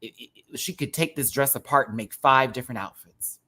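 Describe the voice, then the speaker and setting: A man hosting a live-streamed casual review chat, rambling and animated, laughing often and full of fillers. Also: mid-range voice, a little fast. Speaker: host reviewing a TV show.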